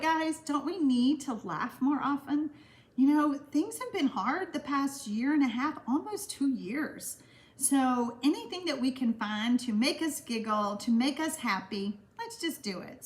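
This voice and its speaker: Lady chatting on a craft livestream, giggly, reads out viewer comments, kinda high voice. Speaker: stamping craft livestream host. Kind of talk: casual livestream chat reading viewer comments.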